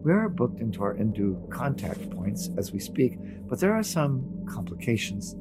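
A man doing a calm bureaucratic officer. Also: mid-range voice, normal speed, loud music behind the voice, lightly acted. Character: calm, evasive male operations officer.

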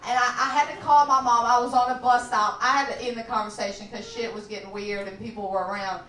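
A young woman from Chicago tells crude, rowdy stories in a live stand-up set, often laughing as she goes. Her voice sits a little high. It is picked up from a distance in an echoey room with clear noise behind her. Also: fairly even intonation, quick pace, fairly bright tone. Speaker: stand-up comic. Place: live comedy venue.

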